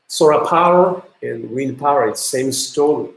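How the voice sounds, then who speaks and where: Japanese-accented guy lecturing in english, slow and halting, lots of uh and um, echoey room. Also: mid-range voice, vocal fry. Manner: halting, many fillers and restarts. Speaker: university lecturer. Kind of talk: recorded lecture.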